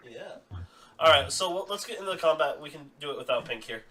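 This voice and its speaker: A man running a tabletop game as dungeon master, chatty and quick to laugh, talking casually at home. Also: fairly high pitch, expressive. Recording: distant mic with clear background noise.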